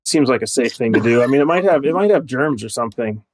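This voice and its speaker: A man playing a tabletop game with a wry, offhand manner. His voice sits at an ordinary pitch and is recorded dry and close. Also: animated, fast talker, no room sound. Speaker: player. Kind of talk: casual tabletop play.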